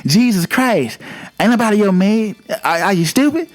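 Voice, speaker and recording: A man's voice: high voice, animated, normal speed, voice pushed up. A man imitating a rude, short-tempered assistant manager of a store who insults a customer. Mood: impatient. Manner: impatient, insulting, snapping.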